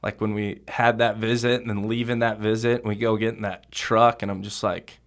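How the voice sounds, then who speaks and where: A young man speaks as a podcast guest in a fairly low voice. He tells his memories haltingly, and his sentences are padded with casual fillers. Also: flat delivery. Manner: halting, heavy with fillers like "you know" and "bro". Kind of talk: conversational podcast interview.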